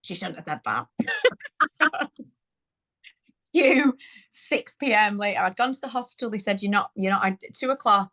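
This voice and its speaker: Brief: woman, thirties, conversational guest, animated storyteller, frequent laughter, mid pitch. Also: moderate pace, pauses often. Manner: chatty, laughs often, animated retelling. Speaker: guest sharing birth story.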